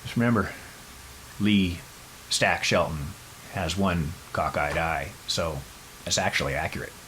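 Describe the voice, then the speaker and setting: A man hosting a podcast, telling a story in a casual, animated way with wry asides. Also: sits low, a little slow, slight background noise, poor audio. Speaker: podcast host.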